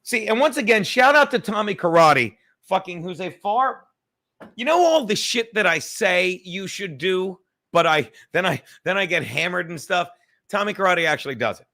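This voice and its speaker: A man's voice: high-pitched, lively intonation, normal speed, pushed and bright. A man, a comedian hosting a livestreamed podcast, chatting casually and rambling with plenty of swearing and jokes from home. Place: at home in a cluttered room.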